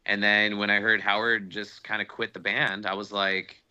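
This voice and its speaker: A young man chatting casually as a podcast guest, excitable and rambling, swearing often as he gushes like a fan. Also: lowish voice, moderate pace, clean tone. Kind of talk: casual chat. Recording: dull lo-fi sound.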